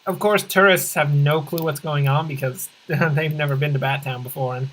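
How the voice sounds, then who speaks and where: Let's play host, bright edgy tone, middling pitch; deadpan rambling jokester who backpedals mid-thought. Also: moderate pace, hardly any pauses, rough recording. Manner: rambling deadpan absurd humor, often correcting themself; swings in pitch and pace for comic emphasis. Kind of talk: casual gameplay commentary.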